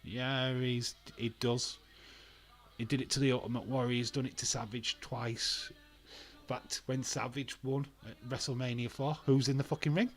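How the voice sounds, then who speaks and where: A man's voice: medium pitch, level tone, moderate pace. A man giving casual, blunt commentary as he watches along with an old wrestling event, ranting and swearing freely.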